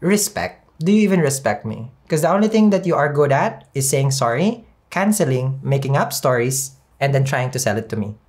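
A woman's voice: a bass voice, lively intonation, moderate pace, few pauses, darkish tone. A woman reading tarot cards in a sassy, chatty way with a non-native English accent, laughing often. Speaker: tarot reader.

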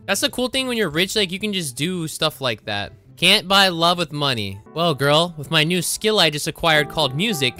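A man's voice: on the high side, pushed and bright. A man doing brash, teasing commentary while role-playing as a rich character in a game. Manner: brash, joking, teasing, often laughing. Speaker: gaming YouTuber.

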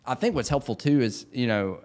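A man's voice: mid-range voice, animated, brisk, darkish tone. A man chatting casually, rambling with lots of fillers and restarts. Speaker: podcast host. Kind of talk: casual chat.

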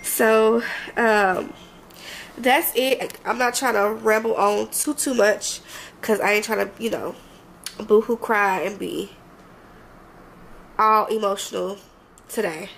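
Congested, gravelly-voiced woman vlogger rambling softly. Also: medium pitch, slow, pauses often, a little hiss or hum, rough recording. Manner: rambling, heartfelt, frequent "you know what I mean". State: congested, a little emotional. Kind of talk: casual talk to camera.

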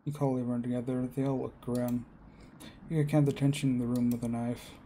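A man reading a game's story text aloud in a plain, even way, with small slips. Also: medium pitch, a little fast, slight background noise. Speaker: gamer.

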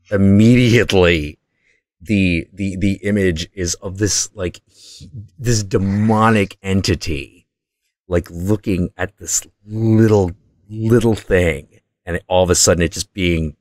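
A man with a very deep voice, acting as host, tells a personal story at a slow pace in a casual, excitable monologue. He swears freely and grows intense as he builds the tension. The audio is dry and close, without any room echo.

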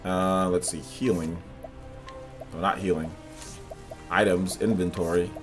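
A man streaming gameplay live, talking to his chat in an animated, repetitive way. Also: deep voice, unhurried, over music. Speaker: gaming livestreamer.

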